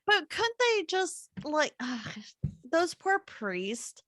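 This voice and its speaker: A woman co-hosting a podcast, talking in an animated, sympathetic casual chat. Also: very high voice, slow, no echo. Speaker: podcast co-host.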